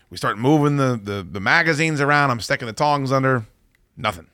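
A man's voice: mid-range voice, brisk, pushed and bright, dry recording, studio quality. A man hosting a talk show, telling a story in a wry, profane, casual way. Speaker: radio show host.

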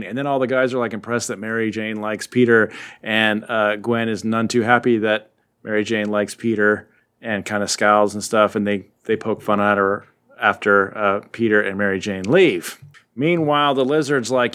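A man's voice: lowish voice, fairly even intonation, fairly bright tone. A man hosting a casual chat, retelling a story in a rambling, playful way and briefly voicing the characters. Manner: rambling, playful retelling with quick voiced asides. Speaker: podcast host recapping comics.

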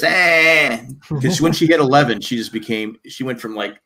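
Older man telling animated stories. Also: medium pitch, moderate pace, hardly any pauses. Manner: animated storyteller acting out quotes. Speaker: podcast co-host. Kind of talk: casual chat.

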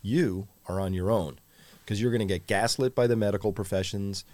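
A man with a fairly low voice co-hosts a casual talk show, talking in an easy, conversational way. The sound is dry and close, with no room around it. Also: steady tone, a little fast, a little mellow, no room sound. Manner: conversational, reads viewer comments aloud. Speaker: podcast co-host. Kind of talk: casual chat with live audience.

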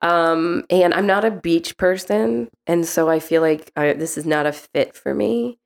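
Low, gravelly woman teasing her co-host. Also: measured pace. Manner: dry, teasing jokes. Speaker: guest host. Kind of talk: casual podcast chat. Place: New York.

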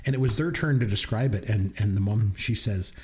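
A man co-hosting a podcast in casual chat, telling stories with animated delivery. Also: lowish voice, brisk. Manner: animated storyteller, puts on voices when retelling. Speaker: podcast co-host.

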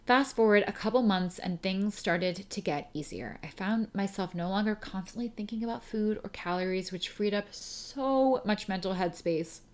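A woman's voice: medium pitch, moderate pace, hardly any pauses, a little mellow. A young adult woman hosting a podcast, reading a listener email aloud and chatting in a rambling, emotional way, laughing through tears. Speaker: podcast host.

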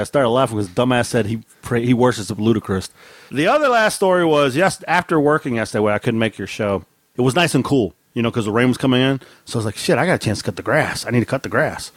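Recorded cleanly in a studio with no room sound, this middle-aged man of Mexican heritage co-hosts a podcast. He's fast and expressive, laughing a lot and swinging his pitch as he rambles through profane stories in casual conversation.

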